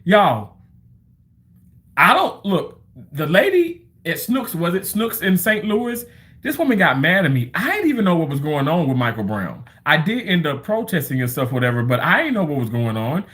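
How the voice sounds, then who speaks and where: A man in his thirties or forties talks through a loose, rambling livestream monologue, chatting and telling stories as he goes. His voice sits a little on the high side, and he swears casually in the middle of his sentences. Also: big pitch swings, normal speed, fairly bright tone.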